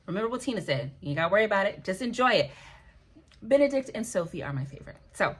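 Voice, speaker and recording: A woman's voice: mid-range voice, big pitch swings, fast, husky. A woman talks straight to the camera from her home, chatting loosely and drifting from one thing to the next. She laughs at her own slips and keeps the tone light and playful, the way a beauty and lifestyle vlogger does. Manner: rambling, playful, laughs at herself. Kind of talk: casual chatty vlog.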